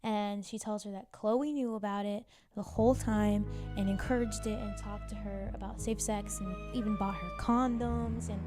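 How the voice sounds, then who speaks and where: A young woman hosting a casual recap of a TV drama, talking chattily with lots of "like" fillers and side comments. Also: medium pitch. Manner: chatty, full of "like" fillers and asides. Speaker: YouTube recap host.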